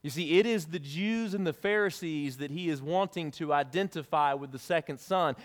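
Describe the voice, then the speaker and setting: A man preaching a sermon as pastor, in a lively, conversational way with casual asides, in a church sanctuary. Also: on the high side, normal speed, few pauses. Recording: long reverb of a large hall.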